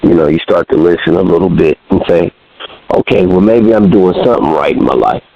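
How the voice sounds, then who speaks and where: A man talks casually in an interview about touring and his comedy, pausing often with fillers. His voice sits low. The sound is dull and lo-fi, like a radio broadcast. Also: creaky. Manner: relaxed, halting, with many fillers.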